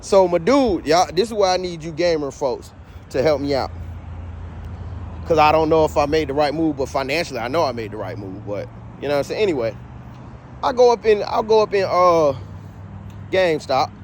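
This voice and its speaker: An animated man rants through a casual storytime, his voice sitting a bit higher than most men's. He swears freely and leans on "you know what I'm saying" between beats. Faint street traffic hums behind him. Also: moderate pace, pauses often. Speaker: vlogger telling a story.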